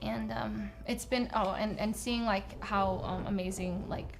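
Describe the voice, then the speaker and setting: A woman's voice: medium pitch, steady tone, measured pace, gravelly. A young woman, a streamer host, speaking sympathetically and a little hesitantly in casual chat.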